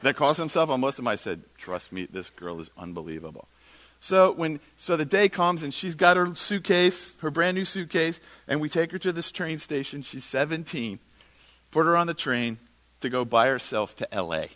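A middle-aged man telling a lively personal faith story at a church, acting out the people he quotes. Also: moderate pace. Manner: animated storyteller, quotes others in lowered voice. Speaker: speaker at a church. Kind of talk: storytelling sermon talk.

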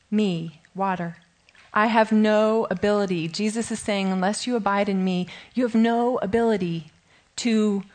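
A middle-aged woman giving a casual, self-deprecating Bible study talk, laughing often and a bit shaky with nerves. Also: fairly high pitch. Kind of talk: informal teaching talk.

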